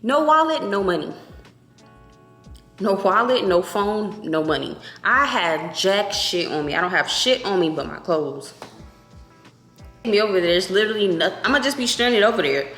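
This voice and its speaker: A young woman vlogger telling a story in a casual, animated, profane way. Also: mid-range voice, moderate pace. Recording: echoey room with faint music.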